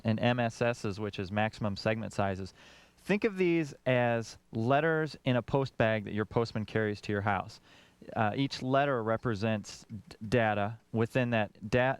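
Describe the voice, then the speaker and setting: A man's voice: mid-range voice, smooth, no echo. A man co-hosting a call-in computer show, explaining answers in plain terms. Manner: explanatory, laughs easily. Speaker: tech expert co-host. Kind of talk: call-in tech talk show.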